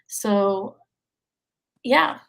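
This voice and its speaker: A woman's voice: mid-range voice, drawn-out words, gravelly, fairly bright tone, poor audio. A young woman in her twenties, a podcast guest, talking casually with many fillers and frequent laughs. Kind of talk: casual conversation.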